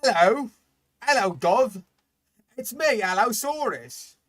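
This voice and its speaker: A man putting on a goofy, squeaky mock Cockney voice for a cartoonish male allosaurus. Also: expressive, slow pace, a bit bright, no room sound, heavily acted.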